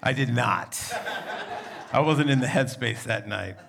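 A young adult male pastor preaching a sermon in a conversational, storytelling manner, with a gravelly voice. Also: medium pitch, a little slow, a crowd in the background.

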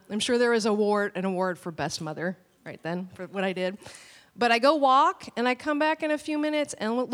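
A woman pastor preaching a sermon with animated, storytelling delivery. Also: mid-range voice. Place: church hall. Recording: long church hall reverb.

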